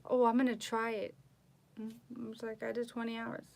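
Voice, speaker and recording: A woman tarot reader chatting casually on a live stream from home, boastful and animated, mocking others in voices. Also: fairly high pitch, fairly quick, gravelly.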